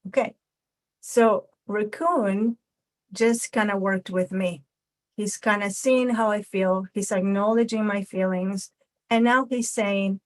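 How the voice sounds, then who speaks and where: A woman's voice: mid-range voice, unhurried. A woman instructor explaining communication styles with a puppet demonstration, checking in with frequent tag questions.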